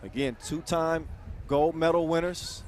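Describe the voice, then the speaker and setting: A man giving quick, energetic, joking play-by-play commentary at a live basketball event. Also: a little high, slight background noise. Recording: broadcast mix with loud crowd and music.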